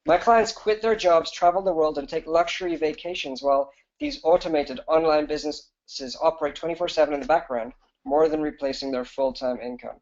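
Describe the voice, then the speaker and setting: Guy coach doing a webinar pitch, talks quick and eager, kinda high voice, muffled lo-fi audio. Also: expressive, darkish tone. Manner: fast, enthusiastic sales pitch with fillers and restarts. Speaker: business coach presenting a webinar. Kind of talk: live webinar presentation.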